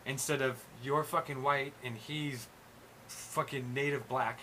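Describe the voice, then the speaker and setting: A man in casual chat, hosting, ranting loudly and swearing constantly. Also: mid-range voice, moderate pace, slight background noise. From USA. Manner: profane, ranting, animated. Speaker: host.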